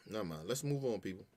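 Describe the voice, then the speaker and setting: A man hosting a podcast, ranting in heated, profane casual commentary. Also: fairly low pitch. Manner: profane, animated, emphatic ranting. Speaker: podcast host.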